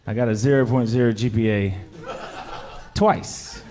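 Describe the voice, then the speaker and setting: A man's voice: mid-range voice, measured pace, very noisy. A man performing a stand-up comedy set on a club stage, telling crude, self-deprecating confessional jokes and questioning the crowd directly. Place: comedy club stage before a laughing audience.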